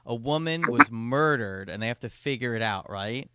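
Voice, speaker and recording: A young adult man hosting a podcast, chatting casually and pitching an idea with lots of restarts over a call. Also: expressive, moderate pace, pushed and bright. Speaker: podcast host. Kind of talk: casual chat.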